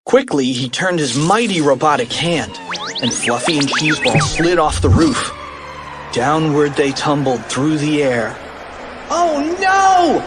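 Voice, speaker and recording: A man narrating a children's audiobook in an animated, expressive read. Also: on the high side, measured pace, music in the background.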